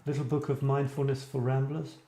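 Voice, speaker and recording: A man's voice: medium pitch, flat delivery, fairly quick, mellow, roomy sound. A middle-aged man from Scotland hosting a creative writing show, chatting casually and rambling as he answers viewers. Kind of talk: casual live-stream chat.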